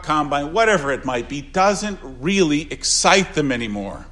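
An older man, a pastor, preaching an earnest funeral sermon, repeating phrases and swinging between soft asides and louder emphasis. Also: on the high side, very animated, a little slow, few pauses.

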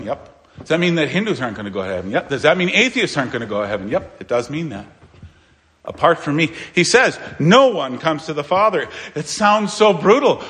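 A man's voice: mid-range voice, a bit bright. Emphatic male pastor preaching. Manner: emphatic preaching with rhetorical questions and repetition. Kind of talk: sermon.

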